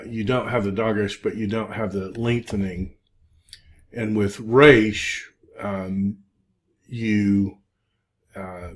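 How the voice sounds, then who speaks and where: A man teaching a recorded Hebrew lesson, speaking haltingly with many fillers and drilling word forms. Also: fairly low pitch. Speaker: Hebrew instructor. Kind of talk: recorded lecture.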